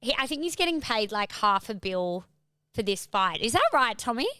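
Lively young woman. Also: fairly high pitch, normal speed, clear, resonant tone, no echo, clean studio sound. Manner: animated, swearing, acting out quotes. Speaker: podcast co-host. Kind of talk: casual chat.

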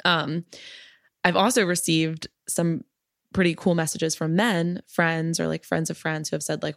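Woman podcast creator, frank and chatty interview guest, low gravelly voice, dry sound. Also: level tone, measured pace, no room sound. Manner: frank, chatty, many filler words. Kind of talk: casual interview chat.

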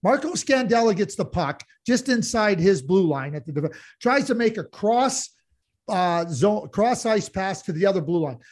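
In a laid-back sports chat, a podcast co-host goes on passionate rants full of restarts and repeated words. He has a high voice with lively intonation and a moderate pace.

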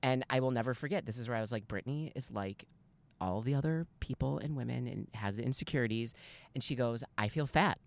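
A man's voice: mid-range voice, fast talker, creaky. Rambling man telling a story. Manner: animated, rambling with many fillers and restarts. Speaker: guest, fan. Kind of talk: casual podcast storytelling.

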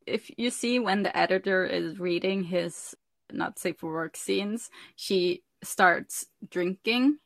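A woman hosts a casual podcast chat and guides the conversation. She speaks slowly and easily, and the sound is dry and close. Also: lowish voice, gravelly, dry recording. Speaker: podcast host.

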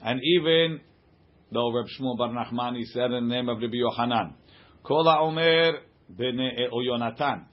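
A man's voice: medium pitch, moderate pace. A man teaching an informal text-study class, translating passages line by line in a conversational way. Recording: dull lo-fi recording.

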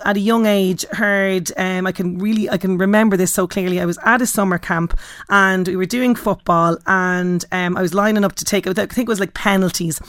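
A woman hosting a radio interview, chatty and warm, with lots of fillers. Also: medium pitch, dry recording, clean studio sound. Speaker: radio host.

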